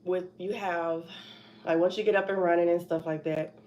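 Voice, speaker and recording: A woman's voice: on the low side, fairly even intonation, normal speed, a little mellow, muffled recording, a little hiss or hum. A young woman hosting a casual livestream from home, anxious and rambling, sighing and laughing nervously as she talks. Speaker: trucking vlogger.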